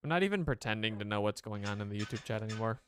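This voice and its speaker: A man's voice: on the low side, animated, rapid-fire, slight background noise. A man streaming a game, chatting casually to his viewers and rambling as he plays. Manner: rambling, chatty, talks to chat.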